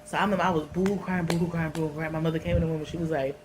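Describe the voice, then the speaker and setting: Deep-voiced and steady in tone, a vlogger with a New York accent rattles off a personal story at rapid-fire speed. It's casual storytelling to camera, candid and emotional with plenty of slang, over background noise.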